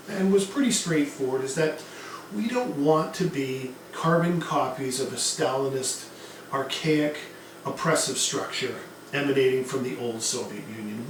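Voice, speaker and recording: A man delivers a history lecture in a loose, conversational way, with fillers and self-corrections. His voice sits a little high. He is picked up from a distance in a very echoey room, with faint noise behind him. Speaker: history teacher. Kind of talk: classroom lecture.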